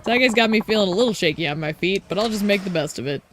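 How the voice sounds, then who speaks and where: A woman's voice: mid-range voice, lively intonation, quick pace, noisy background, close to an everyday voice. Woman reading as a bemused, weary ballplayer. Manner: reading game dialogue aloud, dry, bemused.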